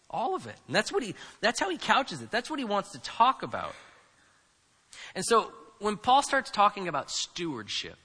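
Bright-voiced man preaching in a reverberant church. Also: high voice. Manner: conversational, emphatic preaching with rhetorical questions. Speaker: pastor. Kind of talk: sermon.

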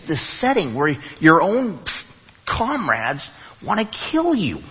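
A pastor delivers a sermon to his congregation in a church sanctuary, his husky, rather high voice telling a story with restarts that build to emphatic peaks. A long church-hall reverb fills the sound, and the recording is dull and muffled.

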